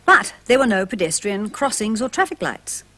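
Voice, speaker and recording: Woman storyteller for kids, husky voice, slow and sing-song delivery. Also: mid-range voice. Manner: gentle, expressive, addresses children directly. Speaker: children's storyteller. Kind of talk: storybook narration for children.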